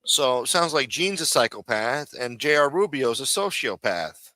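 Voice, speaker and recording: A male stream host with a bright, forward voice recorded close and dry. He rambles through casual commentary, swearing freely and repeating phrases. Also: mid-range voice, very animated, normal speed, no echo. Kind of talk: profane casual commentary on clips.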